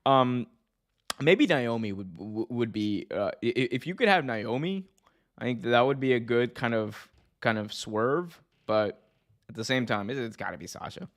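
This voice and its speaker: A man's voice: medium pitch, normal speed. A man hosting a wrestling podcast, chatting casually and reading comments from his live chat, with many fillers and restarts. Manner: animated, rambling, lots of fillers and restarts.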